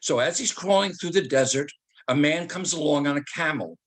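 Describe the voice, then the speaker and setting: Speaking fairly quickly in a somewhat bright, high-leaning voice, this older speaker and author delivers a storytelling talk via video call. He jokes, teaches, and throws out rhetorical questions.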